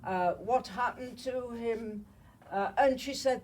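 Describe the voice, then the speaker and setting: Older woman in her eighties, from Germany, husky breathy voice, slight cold, slide talk to an audience, chatty, checks in with listeners. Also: on the high side, slow pace, darkish tone, recorded from a distance, low-quality recording. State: has a cold. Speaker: Holocaust survivor speaker.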